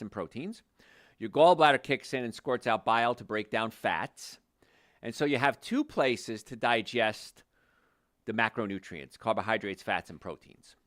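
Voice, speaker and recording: An older man, a chiropractor hosting a health show, delivers a conversational monologue with restarts and stressed words. His voice is on the low side and a bit bright, captured with clean studio sound and no room sound.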